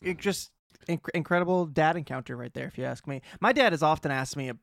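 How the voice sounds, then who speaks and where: A young man co-hosting a podcast in casual chat, chatty and quick to laugh. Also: on the high side, gravelly, fairly bright tone, no echo, clean studio sound. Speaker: podcast co-host.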